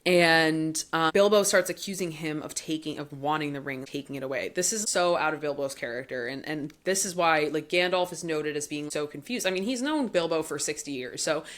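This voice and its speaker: A woman's voice: low voice, fairly quick, hardly any pauses, fairly bright tone. A young woman hosting a book podcast, talking casually and emotionally about a novel, with fillers, sighs and quotes read aloud.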